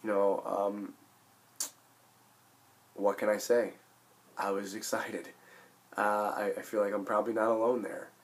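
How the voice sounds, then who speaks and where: A man in his late twenties with a hoarse voice from illness, talking in a rambling, emphatic sports vlog full of restarts. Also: lowish voice, level tone, a little slow, long pauses. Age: late 20s. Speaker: sports vlogger. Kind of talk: casual sports vlog monologue.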